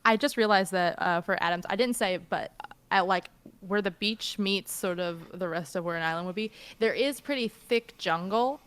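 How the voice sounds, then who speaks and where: A woman's voice: mid-range voice, moderate pace, a bit bright, clean tone. A woman narrating a tabletop game as game master, describing scenes loosely with plenty of fillers.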